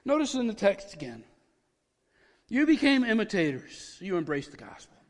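Excitable high-voiced male preacher. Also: normal speed, long reverb tail. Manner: excitable, repeats words when worked up. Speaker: pastor. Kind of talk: sermon.

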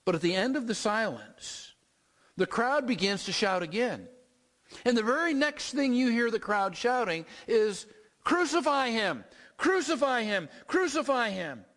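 A man's voice: very high-pitched, a bit bright, long reverb tail. A man preaching a sermon, retelling a scripture scene in vivid second-person storytelling with repeated build-ups.

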